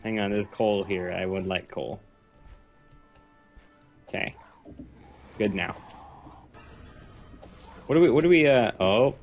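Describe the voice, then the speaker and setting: A man's voice: fairly low pitch, lively intonation, slow pace, pauses often. Nasal young New England man, gaming guest, giggly, self-deprecating, faint game music behind. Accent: New England American. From New England, United States. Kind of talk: casual gaming chat.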